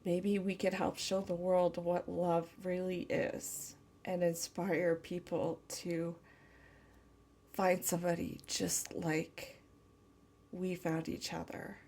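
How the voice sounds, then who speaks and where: Tarot lady talking real slow, tender and teary. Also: on the low side, flat delivery, mellow. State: tearful. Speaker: tarot reader. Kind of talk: channeled message reading.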